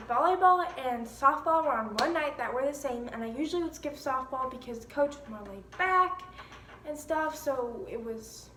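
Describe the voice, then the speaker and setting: A young woman in her teens telling a casual, chatty storytime about an accident, animated and full of laughing asides. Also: a little high, recorded from a distance, slight background noise. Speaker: vlogger. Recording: echoey room with faint ambience.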